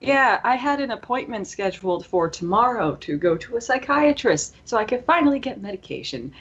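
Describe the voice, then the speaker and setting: A young woman in her early twenties with a hoarse, strained voice, co-hosting a podcast and telling a long, rambling story with lots of fillers. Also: on the high side, lively intonation, fairly quick, highs cut off. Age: early 20s. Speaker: podcast co-host. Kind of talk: casual podcast chat.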